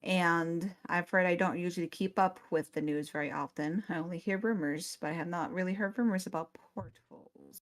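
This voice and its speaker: A woman's voice: lowish voice, moderate pace, hardly any pauses, close to an everyday voice. A woman voicing a weary, theatrical woman fortune teller who runs an antique shop, sighing and calling people dear. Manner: sighing, calls others "dear".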